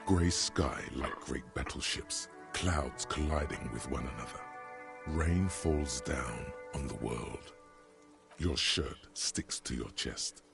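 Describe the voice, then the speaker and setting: A man voicing a brooding, deadpan inner-voice narrator in a video game, deep and measured. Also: vocal fry, exaggerated voice. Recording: game audio with music playing.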